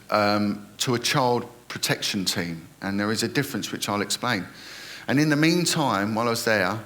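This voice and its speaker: A man's voice: medium pitch, fairly bright tone. A middle-aged man, a retired police detective earnestly recounting his experiences in an interview and quoting others in dialogue.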